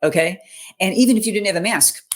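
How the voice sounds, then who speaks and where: A middle-aged woman talking at an ordinary mid pitch, recounting a personal story as an interview guest over a video call. She speaks earnestly and often checks in with her listener. It is a natural, unpolished, conversational delivery. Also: fast, slight background noise. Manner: earnest, peppers talk with "you know", "okay?" and "right?". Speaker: interview guest, mental fitness coach.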